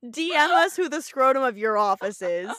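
A woman's voice: high voice, very animated, normal speed, fairly bright tone, no room sound, clean studio sound. A woman co-hosting a casual rewatch podcast, laughing often and recapping episode plots. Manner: giggly, recaps the plot. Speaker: podcast co-host.

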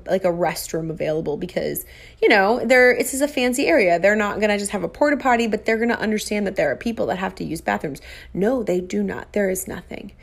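Animated woman telling a funny story. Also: medium pitch, creaky. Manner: animated, self-mocking, acts out quoted dialogue. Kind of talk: casual storytelling to viewers.

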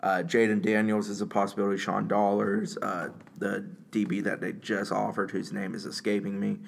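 A man with a low, gravelly voice chats about college football on a podcast. He lays out his analysis in a measured, matter-of-fact way. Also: little pitch movement. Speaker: co-host, sports reporter. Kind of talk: casual sports podcast chat.

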